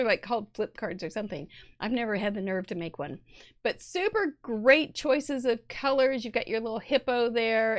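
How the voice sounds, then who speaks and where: Chatty Midwestern woman hosting a craft stream. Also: on the high side. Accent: American Midwestern. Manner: chatty and punny, rambling with restarts. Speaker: host of a live crafting show. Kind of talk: live stream chat reviewing viewer cards.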